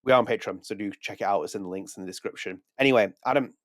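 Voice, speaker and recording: A man's voice: fairly low pitch, very fast, dry recording, studio quality. Chatty man hosting a podcast. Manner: chatty, self-correcting, reads press text aloud. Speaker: podcast host. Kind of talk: casual podcast chat.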